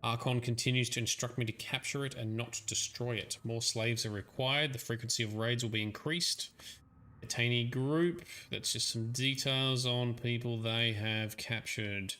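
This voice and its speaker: A man's voice: mid-range voice, fairly even intonation, moderate pace, pushed and bright. A man with an Australian accent giving chatty, laughing commentary over a game livestream. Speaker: streamer. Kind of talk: let's play commentary.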